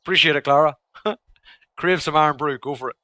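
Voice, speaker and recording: A man's voice: on the high side, brisk, pushed and bright, no room sound. A young man streaming a survival game live, chatting casually, swearing now and then, grumbling at the game and answering his chat. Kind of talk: live gameplay commentary.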